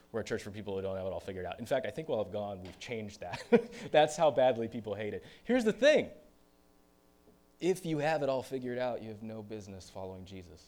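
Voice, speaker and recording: A male pastor preaching a sermon in a storytelling manner, dropping to hushed confessional tones and then rising into loud, animated bursts. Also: fairly low pitch.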